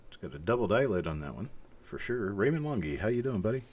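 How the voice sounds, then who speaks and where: A middle-aged man hosting a live stream, calmly and methodically talking through each coin and greeting viewers by name. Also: lowish voice, quick pace. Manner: calm, methodical, talks while inspecting coins, greets viewers by name. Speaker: host.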